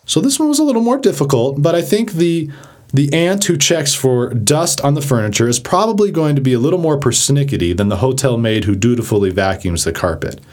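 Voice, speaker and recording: A man talks through a vocabulary lesson in a casual, chatty way. His voice is lively, with pitch that swings widely as he explains. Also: a little fast. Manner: animated, chatty, acts out examples. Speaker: vocabulary teacher.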